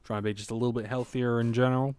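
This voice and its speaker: A man's voice: mid-range voice, little pitch movement, rapid-fire, darkish tone, clear, resonant tone. A man in his late twenties chatting and muttering to himself while streaming a game, with casual swearing. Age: late 20s. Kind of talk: casual gaming livestream commentary.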